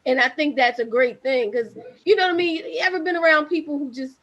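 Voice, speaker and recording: A woman's voice: high voice, a little fast, a bit bright, highs cut off. A woman co-hosting a casual talk show, chatting in an encouraging, conversational way. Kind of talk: casual chat.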